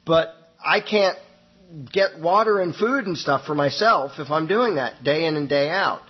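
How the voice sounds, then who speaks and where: Practical builder guy stuck on an island, patient and plain, a man voicing him, husky, lo-fi. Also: fairly high pitch, animated, measured pace. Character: practical construction worker castaway, tired and reasonable.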